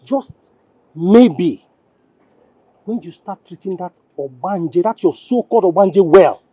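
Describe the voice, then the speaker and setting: A man's voice: sits high, animated, slow, breathy edge, dry recording, heavily acted. A Nigerian actor playing a stern husband who warns and scolds his wife in a film drama. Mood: reproachful. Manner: stern, warning, indignant. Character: angry protective husband, adult man. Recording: slightly muffled dry film audio with faint music.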